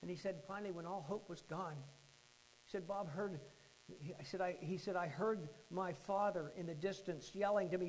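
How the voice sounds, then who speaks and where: A pastor with a high voice tells a story in a sermon, dropping to a hush and then rising loud. A faint hum runs underneath. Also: male voice, moderate pace, poor audio. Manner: dramatic storytelling, swings from hushed to loud.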